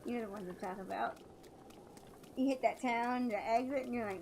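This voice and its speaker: A woman's voice: a little high, fairly quick, a little mellow, slight background noise, rough recording. A woman streamer chatting casually while she plays, rambling with many fillers and restarts. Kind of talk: casual chat while gaming.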